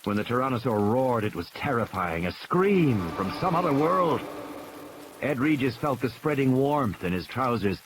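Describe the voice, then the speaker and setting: A male narrator reads dramatic fiction with a lively, swinging delivery that swells as the tension builds. A steady rain patters clearly behind him. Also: medium pitch, moderate pace. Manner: expressive, rising with the tension. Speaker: audiobook narrator. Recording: rain noise in background.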